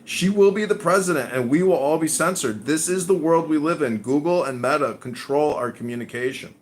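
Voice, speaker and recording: A man calling in to a livestream, ranting in a deliberately annoying, trolling way. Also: a little high, slight background noise. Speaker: call-in guest. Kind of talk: provocative livestream rant.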